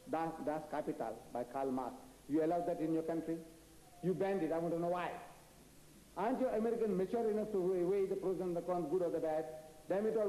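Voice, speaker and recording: An older man from India, raised in South Africa, giving an animated, combative public lecture and answering audience questions with rhetorical questions. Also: high-pitched. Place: large auditorium. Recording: echoey hall.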